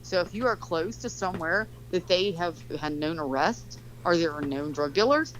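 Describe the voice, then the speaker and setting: A woman's voice: fairly low pitch, expressive, normal speed, slight background noise, low-quality recording. A woman telling a story in casual chat, rambling and swearing freely, leaning heavily on "like". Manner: rambling, profane, heavy use of "like".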